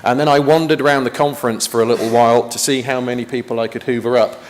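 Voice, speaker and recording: A man's voice: medium pitch, fairly even intonation, fast talker. A man giving a conference talk in a chatty style, with joking asides, in a meeting room. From United Kingdom. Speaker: conference presenter. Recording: long reverb of a meeting hall.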